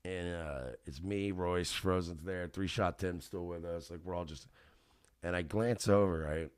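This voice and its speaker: A man with a fairly low voice tells a rambling story on his radio show. He is animated, swears freely and breaks into laughter. The recording is dry and close, with no room sound. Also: unhurried, clean tone, no room sound. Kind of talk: casual storytelling.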